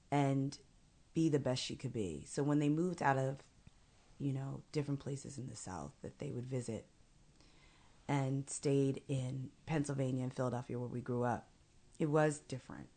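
A middle-aged woman telling a personal family story in conversation, earnest and measured, slowing down for emphasis. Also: a bass voice, a little mellow. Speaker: guest.

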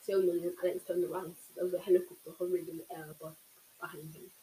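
A host reading a novel aloud in steady narration, with small slips now and then. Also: mid-range voice, fast talker, a little hiss or hum, low-quality recording. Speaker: audiobook reader, channel host.

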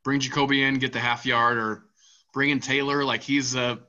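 Male sports podcast host, bright and pushy tone, chatty and rambling, dull lo-fi recording. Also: mid-range voice, normal speed. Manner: rambling, filler-heavy, animated. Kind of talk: casual sports talk.

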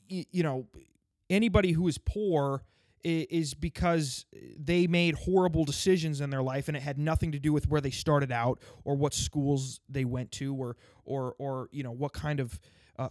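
Guy ranting and cussing, kinda high voice, dry close mic. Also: no echo. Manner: angry sarcastic rant, heavy swearing. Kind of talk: ranting stand-up style monologue. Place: lives in the state he complains about.

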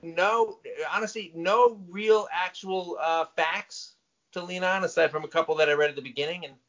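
A man's voice: high-pitched, steady tone, a bit bright. A middle-aged man with a somewhat raised voice teases and cuts in on his co-host in an easy podcast chat. He laughs often and wraps things up like a practiced host. The sound is dull and lo-fi. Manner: teasing, interrupting, quick to laugh. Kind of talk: casual chat.

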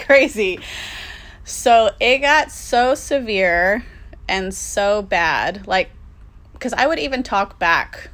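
A young woman telling a personal story in a casual, candid way, with lots of fillers and swearing. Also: medium pitch.

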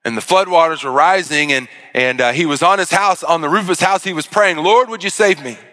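A man delivering a sermon in a high, bright voice. He tells a story and acts out its characters, often restarting his sentences as he goes. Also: brisk. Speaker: pastor.

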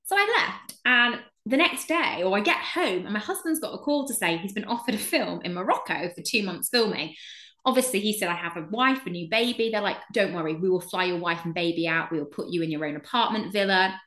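Animated English woman telling stories. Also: mid-range voice, fairly quick, roomy sound. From England. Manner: animated storyteller acting out quoted voices. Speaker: guest. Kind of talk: casual chat, anecdote telling.

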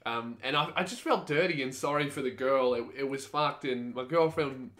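A man's voice: mid-range voice, moderate pace, a bit bright. An Australian man co-hosting a casual comedy podcast, telling crude travel stories and acting out the lines of the people in them. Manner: crude, storytelling, acts out quotes. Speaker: podcast co-host.

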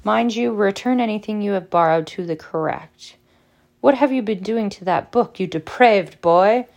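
A woman's voice: mid-range voice, normal speed, gravelly, a little mellow, voice pushed up, close to an everyday voice. A woman reading aloud and voicing a fierce, vulture-like old woman librarian who hisses in outrage, raising her voice well above her own. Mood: outraged. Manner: hissing, outraged.

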